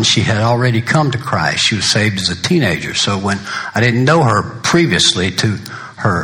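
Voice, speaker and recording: A man's voice: lowish voice, sharp tone. An older man, a pastor giving a funeral sermon, mixing folksy jokes about himself with solemn words of comfort. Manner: folksy, joking anecdotes between solemn points.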